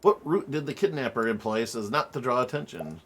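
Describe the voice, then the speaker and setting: A man's voice: mid-range voice, expressive, fairly quick, natural voice. A man voicing a pompous, wordy male scholar detective, reading game dialogue aloud in a formal, lecturing manner.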